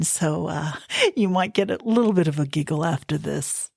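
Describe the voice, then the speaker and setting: A woman's voice: deep voice, moderate pace, vocal fry, dry recording, clean studio sound. A woman hosting a podcast, narrating recaps and interviewing guests, laughing easily. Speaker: podcast host.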